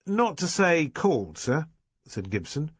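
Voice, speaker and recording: A man's voice: a little high, sing-song, measured pace, slightly rough, no room sound, pitched above the performer's own voice, heavily acted. Man voicing humble talkative driver, storybook read, dry. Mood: chatty. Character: plain-spoken male chauffeur, working class.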